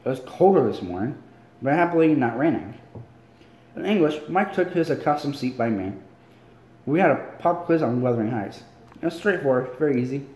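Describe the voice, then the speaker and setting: A man's voice: medium pitch, lively intonation, fairly quick, darkish tone. A tired man reading a novel aloud casually at home, often stumbling and correcting himself. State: tired, yawning. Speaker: amateur reader. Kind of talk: casual read-along of a novel. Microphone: phone. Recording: echoey room.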